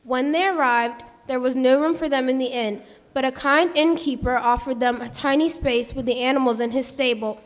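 A woman narrating a children's story in a gentle, clear manner. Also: sits high, normal speed. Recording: reverberant hall.

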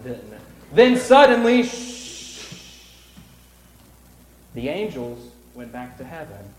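A playful man reads a storybook to children in a large church sanctuary. His voice sits a bit high and rings out with a long, echoing hall reverb. Faint room ambience hums beneath him. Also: background noise. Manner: playful, animated, swings between loud cries and hushed whispers. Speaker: children's pageant director. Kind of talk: reading a storybook aloud to children.

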